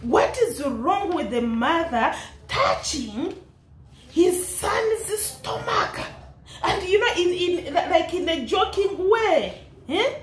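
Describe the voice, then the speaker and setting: A woman's voice: very high-pitched, very animated, slow pace, reverberant, a little hiss or hum. A young woman with an East African accent, laughing often as she delivers an impassioned, preachy commentary. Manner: scolding, preachy, laughs often between lines. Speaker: vlogger commenting on a public dispute.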